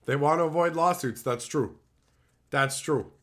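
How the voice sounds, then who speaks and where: On a casual live stream, this man banters crudely and profanely, bouncing jokes off messages from his chat. He speaks unhurriedly in a slightly high, somewhat bright voice.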